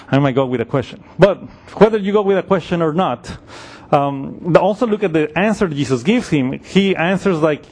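Preacher, male, fairly high pitch, explanatory sermon delivery that thinks aloud as it goes. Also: darkish tone, husky.

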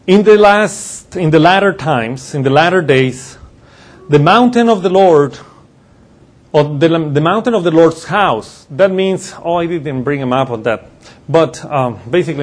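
A man preaching a sermon, explaining scripture in a loose teaching way with pauses and self-corrections. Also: fairly high pitch, lively intonation. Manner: uses slides while teaching.

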